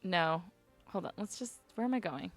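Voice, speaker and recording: A woman chatting to herself while she plays a video game, rambling and giggly, her voice climbing high when she gets nervous. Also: animated, moderate pace, soft background music. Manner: rambling self-talk, giggly. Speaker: streamer. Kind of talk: casual gameplay commentary.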